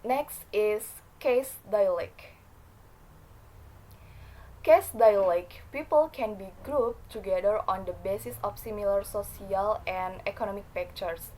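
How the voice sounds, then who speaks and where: A woman's voice: medium pitch, a little slow, dark tone, low-quality recording. A woman reading a class presentation from notes, with frequent fillers and small slips.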